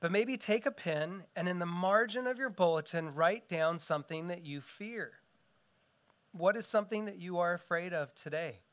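Smooth-voiced preaching man. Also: sits high, normal speed, fairly bright tone. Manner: earnest preaching, voice rising and falling for emphasis. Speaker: pastor. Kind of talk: sermon.

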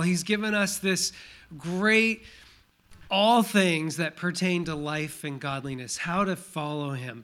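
A middle-aged man preaches a Sunday sermon as pastor, reading verses aloud with strong emphasis. His voice sits fairly high and sounds bright and forward. He leans into key phrases and then drops back to an explaining tone. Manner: reads scripture aloud, emphatic.

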